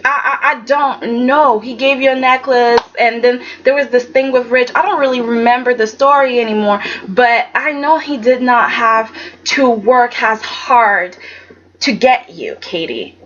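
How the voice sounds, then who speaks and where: A woman's voice: fairly high pitch, measured pace, a bit bright, dull audio. A woman giving a casual, emphatic recap of a soap opera episode, often checking in with "okay?" and restarting her sentences.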